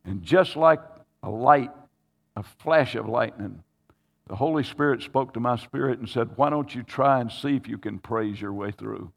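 A man's voice: mid-range voice, moderate pace, creaky. Man preaching in an echoing hall. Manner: earnest, stammering restarts, rising to emotional pleading. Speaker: pastor. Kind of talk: sermon testimony.

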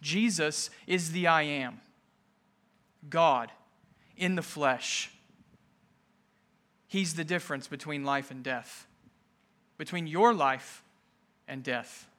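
A male pastor preaching an emphatic sermon to his congregation, repeating key phrases and rising to forceful peaks. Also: fairly high pitch, slow pace, pauses often. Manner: emphatic, building to raised intensity.

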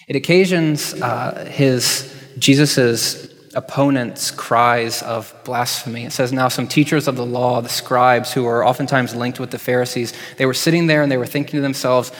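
A man preaching a sermon as pastor, conversational and reflective, pausing with ums. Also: mid-range voice, fairly even intonation. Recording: hall with long reverb.

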